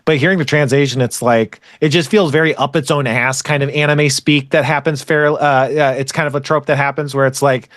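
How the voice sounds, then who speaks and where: A man's voice: mid-range voice, fairly even intonation, fairly quick, few pauses, a bit bright, no echo, studio quality. A man hosting a podcast, chatting casually about an anime, rambling with frequent restarts and casual swearing. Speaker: podcast host.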